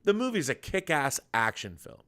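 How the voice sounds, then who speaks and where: A man's voice: fairly high pitch, sing-song, normal speed, pushed and bright, clear, resonant tone. A middle-aged man hosting a podcast, chatting casually and enthusiastically about films, rambling with restarts. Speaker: podcast host. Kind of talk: casual film chat.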